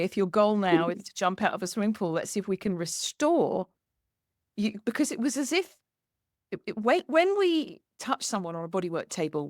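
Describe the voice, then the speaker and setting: A woman hosting a conversation, telling a lively anecdote and acting out the dialogue as she goes. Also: medium pitch, dry recording, clean studio sound. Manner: animated, acts out quoted dialogue with laughter. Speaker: podcast host. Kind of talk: storytelling in conversation.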